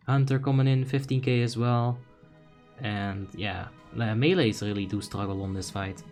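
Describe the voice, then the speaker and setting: A young man from the Netherlands doing casual live gameplay commentary, reading chat aloud with excited bursts. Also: medium pitch, moderate pace, faint music behind. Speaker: game streamer.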